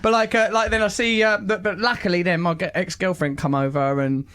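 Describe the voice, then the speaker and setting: A man hosting a podcast, telling lively, sweary anecdotes in casual chat. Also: high voice, brisk, clear, resonant tone. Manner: lively anecdotal storytelling, mock voices, sweary. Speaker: podcast host.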